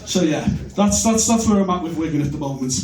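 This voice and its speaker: High-voiced comic on a club stage. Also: male voice, fast, faint music behind. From Birkenhead, England. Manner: deadpan, crude self-mocking delivery. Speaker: stand-up comedian. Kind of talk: stand-up comedy set. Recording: echoey club, recorded from far off.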